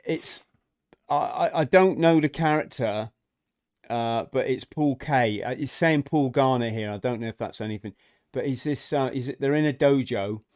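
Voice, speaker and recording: A man's voice: mid-range voice, moderate pace, a little mellow. A man hosting a casual podcast chat, retelling comedy scenes and laughing often. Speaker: podcast host.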